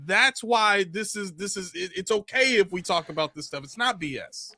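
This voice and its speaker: Bright high-voiced man debating football. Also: lively intonation, moderate pace, no echo, studio quality. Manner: pushes back, reads out viewer comments. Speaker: podcast co-host. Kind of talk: casual sports talk.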